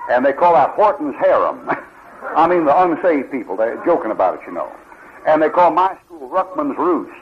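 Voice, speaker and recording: A man preaching a fiery Bible sermon, firing rhetorical questions and mocking the people he quotes. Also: fairly high pitch. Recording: lo-fi archival sermon tape.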